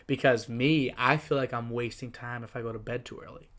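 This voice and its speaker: A man hosting a podcast in casual chat, joking and rambling as he lays out his own rules in quick bursts. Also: medium pitch, fairly even intonation, a bit bright. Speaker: podcast host.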